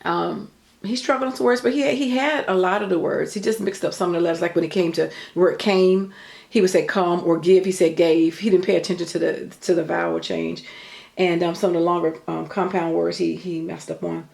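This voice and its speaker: A woman's voice: lowish voice, fairly even intonation, brisk, gravelly, darkish tone, reverberant. An older woman telling a story in an earnest, chatty way, full of faith talk. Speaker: vlogger. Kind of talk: casual storytelling.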